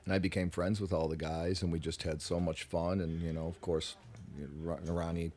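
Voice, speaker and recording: In a radio studio, a male rock musician with a deep voice swaps stories during a relaxed interview, speaking at an ordinary pace. His delivery is lively and full of profanity, and he performs the voices of people in his anecdotes.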